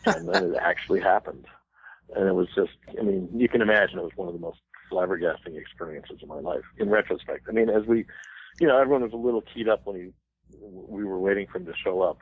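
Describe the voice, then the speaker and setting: A man in his sixties from the United States, a banjo player telling lively anecdotes as an interview guest. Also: low-pitched, fast talker, slightly rough. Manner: animated anecdotes with laughs and sung quotes. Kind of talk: casual interview storytelling. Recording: thin phone-like radio line.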